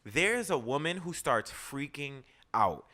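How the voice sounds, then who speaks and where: A young man hosting a podcast, telling a story in casual chat, animated and profane, full of "like" and "yo". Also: medium pitch, slow. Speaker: podcast host.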